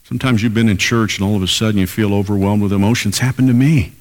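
A man's voice: fairly low pitch, steady tone, quick pace, in a large hall. An older man preaching a sermon as pastor, emphatic and repeating key lines for weight.

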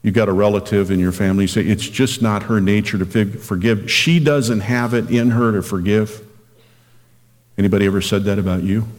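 A man preaching a radio sermon as pastor, earnest and direct, slowing down and lifting his voice when he reads scripture. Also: on the low side, steady tone, darkish tone, long reverb tail. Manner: earnest, slows down and lifts his voice reading scripture.

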